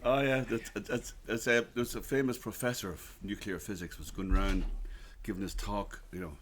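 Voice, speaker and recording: A man's voice: on the low side, fairly even intonation, moderate pace, slight background noise. An Irish fiddler from County Louth telling a story between tunes at a house concert, chatty and teasing, repeating his words as he goes. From Ireland. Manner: chatty, teasing, restarts phrases with a laugh in his voice. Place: living room at a house concert.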